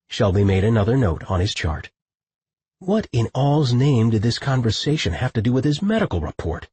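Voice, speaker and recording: A man reading an audiobook narration in a steady, measured way. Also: mid-range voice, slightly rough, no echo. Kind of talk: scripted narration.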